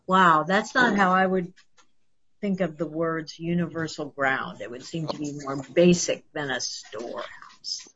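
A woman's voice: deep voice, measured pace, fairly bright tone, slight background noise. A woman student asking puzzled questions in a class. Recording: dull, lo-fi sound.

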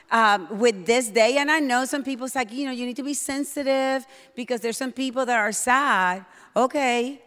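A middle-aged woman preaching a sermon in a church, bold and emphatic, getting loud when excited. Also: sits high. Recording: long hall reverb.

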